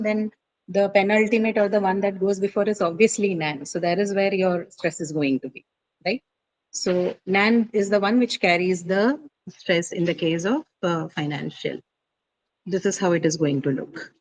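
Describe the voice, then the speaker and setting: A woman's voice: mid-range voice, low-quality recording. A woman teacher lecturing a class, explaining step by step with frequent fillers and tag questions. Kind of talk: classroom lecture on word stress.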